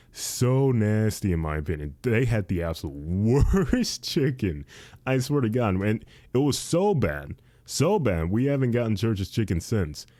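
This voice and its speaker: Young male podcast host, deep-ish and soft-toned, loose rambling chat. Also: dry recording. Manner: rambling, repeats himself, says dude a lot. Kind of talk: casual chat.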